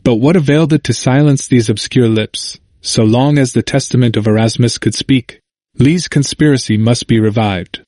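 A man reads a history book aloud in a measured, even way. His voice sits at an ordinary middle pitch. The recording is dry and close. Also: no echo. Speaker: narrator. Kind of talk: audiobook narration of a history.

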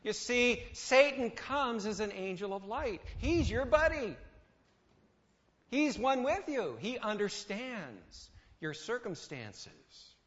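A man's voice: very high-pitched, very animated, slow pace, fairly bright tone. A man preaching a sermon, asking his listeners questions and acting out what others say. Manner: asks the listeners questions, acts out quoted speech. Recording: dull sound in a hall with long reverb.

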